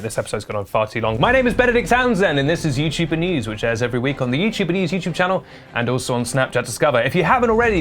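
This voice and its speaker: Young male host, dry sarcastic read, mid pitch, faint music bed. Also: fairly bright tone. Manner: dry, sarcastic, self-deprecating asides. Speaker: news show host. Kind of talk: scripted online news commentary.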